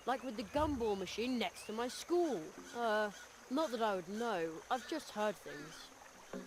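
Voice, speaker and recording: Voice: mid-range voice, animated, unhurried, noisy background, lightly acted. A voice actor playing a curious, adventurous young boy in a video game, earnest with a wry edge. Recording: game audio under music.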